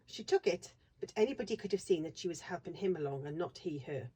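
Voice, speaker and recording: A woman reading a classic children's novel aloud in a steady, expressive narration. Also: on the low side, fast, breathy edge. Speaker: reader. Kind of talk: storybook read-aloud narration.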